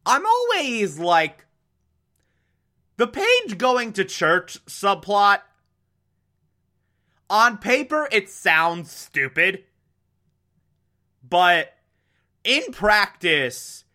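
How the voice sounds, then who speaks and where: A man's voice: sits high, huge pitch swings, drawn-out words, pauses often, bright, forceful tone. A young man casually recapping a TV episode, chatty and wry, with lots of fillers. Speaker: TV show recap host.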